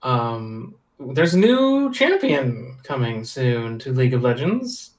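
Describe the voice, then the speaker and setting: A man hosting a casual podcast, easygoing and quick to laugh. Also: medium pitch, sing-song. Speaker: podcast host.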